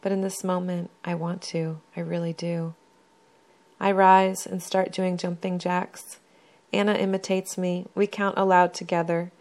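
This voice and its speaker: A woman reading her own first-person memoir aloud in a measured, even storytelling manner. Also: fairly low pitch.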